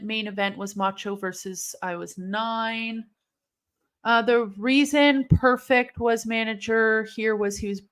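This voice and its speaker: A young woman hosting a live watch-along stream, reacting aloud to a match with excitable, swearing commentary. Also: medium pitch. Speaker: livestream host.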